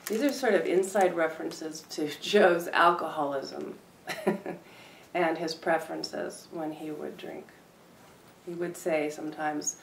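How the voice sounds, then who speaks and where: A woman poet reading her own poems aloud, with low-key, wry asides between them. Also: steady tone, measured pace, gravelly, a little hiss or hum. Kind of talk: poetry reading with spoken asides. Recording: roomy sound from a distant mic.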